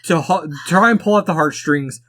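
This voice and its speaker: A man's voice: on the high side, moderate pace, fairly bright tone. A man co-hosting a podcast, chatting casually about a movie in a dry, offhand way. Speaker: podcast co-host. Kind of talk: casual movie review chat.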